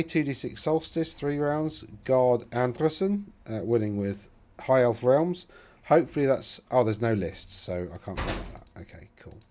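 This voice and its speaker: Mellow-voiced man thinking aloud. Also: medium pitch. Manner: rambling, thinking aloud, self-deprecating asides. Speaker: host. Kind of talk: casual commentary while browsing tournament results.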